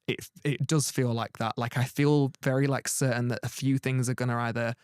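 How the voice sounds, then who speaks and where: A man's voice: medium pitch, little pitch movement, normal speed, clear, resonant tone, no room sound, clean studio sound. A man giving a tarot reading, talking in a rambling, earnest way full of "like" and restarts. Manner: rambling, many "like" fillers and restarts; earnest and reassuring. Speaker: tarot reader.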